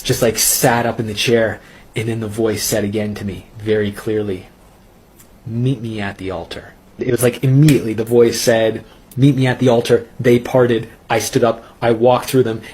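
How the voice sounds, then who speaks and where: A man telling his personal faith testimony in an earnest, intense way, pausing and restarting as he recounts it. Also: lowish voice, a little mellow, slight background noise. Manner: earnest, intense storytelling with halting pauses. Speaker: testimony speaker.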